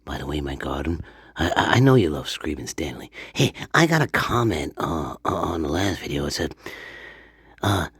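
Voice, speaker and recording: A man's voice: rumbling low, sing-song, moderate pace, a bit bright, husky, no room sound, studio quality, full character voice. A man playing a foul-mouthed ghost radio host who rants, boasts and stammers with profanity. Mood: indignant. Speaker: channel host. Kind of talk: comedic character monologue.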